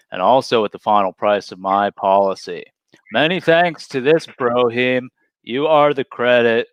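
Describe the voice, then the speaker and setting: Guy doing a deep gushy customer voice, fake welsh accent, low and hammy. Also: smooth, no room sound, poor audio. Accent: mock Welsh. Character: gushing grateful customer, adult, deep voice.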